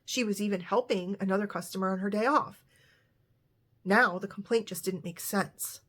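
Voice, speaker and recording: This woman tells a true story in an easygoing narrator's tone, medium in pitch, a bit bright, at normal speed. Now and then she briefly acts out the people involved as she recounts their dialogue.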